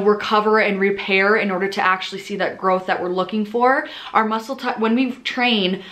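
Young female fitness vlogger, mid-pitched, casual and energetic delivery to camera. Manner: chatty, upbeat, many "like" fillers. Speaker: fitness vlogger and certified personal trainer. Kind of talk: casual chatty explanation to camera.

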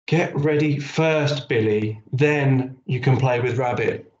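A man's voice: mid-range voice, takes it slowly, a little mellow, close to an everyday voice. A man voicing a busy young mother who urges her son along in a storybook read-aloud. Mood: coaxing. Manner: urging, a bit cross. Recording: echoey, dull school hall recording.

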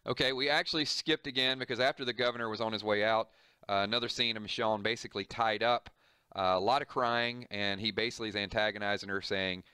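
A man with a fairly low but bright, forward voice reads comic panels aloud and stops to explain them. His commentary is casual and serious. The sound is dry and close, with no room around it. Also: steady tone, quick pace, clear, resonant tone, no room sound.

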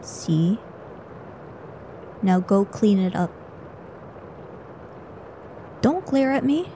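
A woman's voice: mid-range voice, sing-song, very slow, dark tone, a little hiss or hum. A woman performing a scripted audio role-play as a weary, teasing young woman friend stuck in a time loop, speaking in a dry, knowing way.

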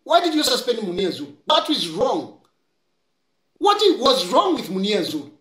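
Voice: medium pitch, very animated, normal speed, a bit bright. A political commentator with a Zambian accent, delivering impassioned, scolding commentary and repeating key lines for emphasis. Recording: roomy echo.

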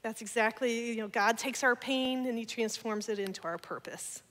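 A woman giving an energetic church talk, sharing personal testimony with laughter and playful asides. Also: a little high, moderate pace. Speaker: guest speaker. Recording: long church hall reverb.

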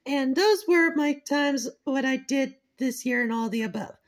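Woman doing a squeaky whiny little bear girl. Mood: chatty. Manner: whiny, pleading, quick to cry out.

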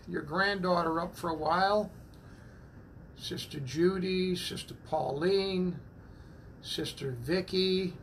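A high-voiced man with a gravelly edge welcomes viewers of a church livestream, taking his time between names. He fills the gaps with amen and praise the Lord, talking casually into a phone, with faint noise behind him. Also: fairly bright tone. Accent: New England. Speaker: church minister greeting online viewers. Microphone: phone propped up.

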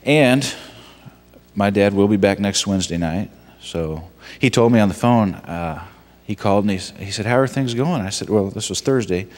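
A man giving a conversational sermon and reading scripture, talking in a halting way with frequent restarts and asides. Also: on the low side, a little mellow, big-room sound. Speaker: guest preacher, son of the pastor. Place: church sanctuary.

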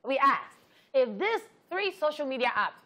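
A young woman with a Nigerian accent co-hosting a talk show, playful and animated as she chats. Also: sits high, normal speed, a little hiss or hum. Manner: animated, playful, acts out quoted texts. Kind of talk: casual chat.

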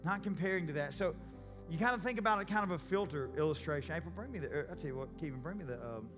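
A man's voice: fairly high pitch, animated, fast. A man preaching a sermon as a pastor, talking in a conversational, storytelling way and acting out the people in his stories. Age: adult, a parent. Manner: conversational storytelling, acts out voices. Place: church sanctuary. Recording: long church reverb, faint music.

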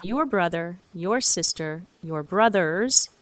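Woman teacher, video lesson; patient, encouraging, slightly low voice, repeats words for students. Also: lively intonation, slow, dry recording. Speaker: French teacher.

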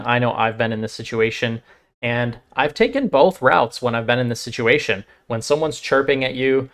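A man's voice: mid-range voice, a bit bright. A man hosting a channel and reacting to a clip, talking it through reflectively and asking lots of questions. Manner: reflective, asks a lot of questions. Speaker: channel host. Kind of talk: reaction commentary.

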